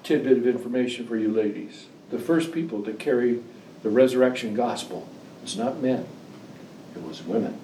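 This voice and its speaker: A man preaching a sermon, telling stories and reading scripture with animated, emphatic delivery. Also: normal speed, slight background noise. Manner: animated storyteller, rising to high emphatic pitch on scripture. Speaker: pastor. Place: church. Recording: echoey room, distant mic, faint ambience.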